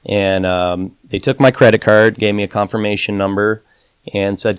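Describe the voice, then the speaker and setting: On a podcast, a male guest who's an advantage gambler spins a story in loose talk full of fillers and "you know," raising his voice to act out quoted lines. He speaks at a moderate pace with a lowish, smooth voice and flat delivery; the recording is dry.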